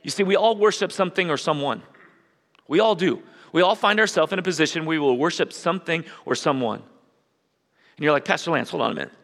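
A man's voice: on the high side, brisk, a bit bright. A male pastor preaching a sermon in church, conversational and emphatic, repeating his key phrases. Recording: long church hall reverb.

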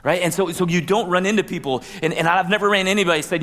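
A man's voice: high voice, racing, few pauses, fairly bright tone. A man pastor giving a conversational sermon, with asides and playful quoted voices. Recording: long hall reverb.

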